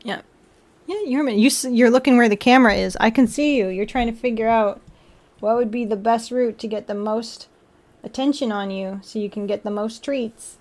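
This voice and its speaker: A woman's voice: a little high, normal speed, a little mellow. A young woman hosting a casual livestream, chatting and laughing, cooing at her cats between remarks to viewers. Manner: giggly, chatty, baby-talks to her cats. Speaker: livestream host.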